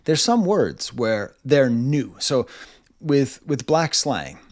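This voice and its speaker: A man's voice: mid-range voice, big pitch swings, slow, darkish tone. A man in his forties, recorded at home, reviewing an album in a loose, rambling way, often stopping and restarting his thoughts. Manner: rambling, self-interrupting, lots of "like". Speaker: music reviewer. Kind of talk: casual video album review.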